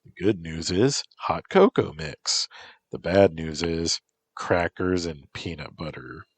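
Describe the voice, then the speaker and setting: A man's voice: low voice, expressive, slow pace, husky, no echo, exaggerated voice. A man voicing a bossy, tough young female soldier who gives orders and teases. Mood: firm. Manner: commanding, teasing.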